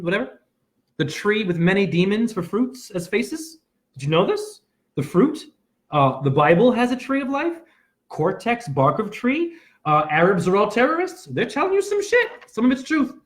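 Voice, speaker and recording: A self-styled spiritual teacher delivers a rambling livestream monologue, lurching between shouting and muttering. He's preachy, full of loose wordplay, and has a high-pitched voice.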